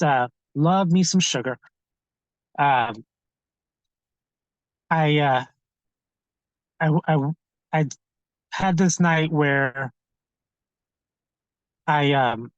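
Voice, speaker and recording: A middle-aged man, a podcast guest, tells his personal story candidly in a halting way, with frequent restarts and fillers. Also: a little high, no room sound, low-quality recording.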